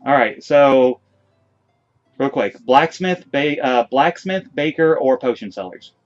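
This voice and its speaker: A man's voice: mid-range voice, takes it slowly, faint music behind. A man co-hosting a podcast, telling a story in casual chat and acting out what others said. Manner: animated, acts out others' lines in the story. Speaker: podcast co-host. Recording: dull lo-fi recording.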